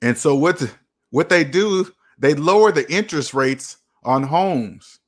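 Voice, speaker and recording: A man's voice: on the high side, expressive, a little slow. A man hosting a personal finance livestream, talking emphatically to his chat, repeating points and asking rhetorical questions.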